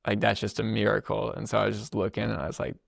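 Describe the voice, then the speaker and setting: A young man with a low, gravelly voice tells a story on his podcast in a loose, rambling way, with plenty of slang and quick laughs. The sound is close and dry. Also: little pitch movement, dry recording. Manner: rambling, laughs often, filler-heavy slangy speech. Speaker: podcast co-host. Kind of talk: casual storytelling chat.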